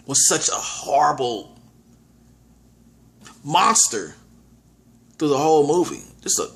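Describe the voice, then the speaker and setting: A man giving a casual movie review, animated, often restarting his sentences and acting out his own reactions. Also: fairly high pitch.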